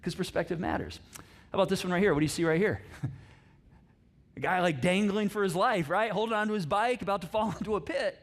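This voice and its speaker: A man preaching a sermon as pastor, conversational and animated, often repeating words and laughing as he talks. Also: sits high, fast. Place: church auditorium.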